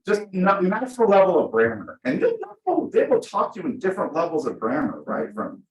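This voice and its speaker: Animated man teaching in an echoey room. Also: high-pitched, a little fast, lo-fi sound. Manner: animated, chatty, acts out quotes. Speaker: real estate trainer. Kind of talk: live class talk.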